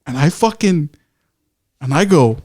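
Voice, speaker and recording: A man's voice: a little high, expressive, a little slow, darkish tone, husky. A man co-hosting a podcast, telling a story in a rambling, self-correcting way, swearing freely and acting out his own reactions. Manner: acts out his own reactions in quoted asides. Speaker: podcast co-host. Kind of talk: casual storytelling chat.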